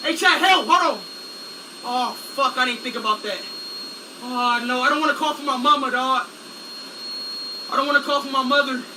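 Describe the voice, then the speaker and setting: Frantic high-voiced young man yelling at chat. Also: moderate pace, pauses often. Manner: frantic, yelling and pleading, repeating himself. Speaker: livestreamer. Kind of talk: live stream talking to chat. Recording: distant mic with loud vacuum noise. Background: vacuum cleaner running.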